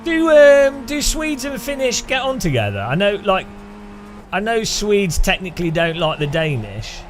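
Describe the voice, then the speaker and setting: Lively, chatty man streaming. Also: sits high, normal speed. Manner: chatty, laughing, swearing at the game. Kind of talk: casual gaming stream chat. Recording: light music behind.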